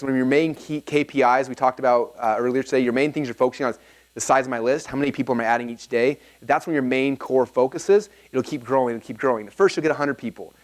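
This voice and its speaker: With a mid-range voice, a seminar presenter energetically tells a story to a live audience, keeping it casual and peppering it with "like."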